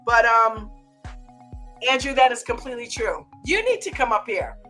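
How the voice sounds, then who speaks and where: A woman's voice: a little high, sing-song, normal speed, bright, forceful tone, faint music behind. An American woman hosting a live trading chat stream, playful and teasing, laughing often and greeting viewers by name. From United States.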